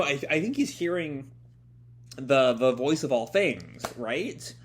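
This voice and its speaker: A man reading a comic aloud and reacting, excitable, swearing and thinking aloud as he goes. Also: mid-range voice, takes it slowly, a little hiss or hum. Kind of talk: casual read-along commentary.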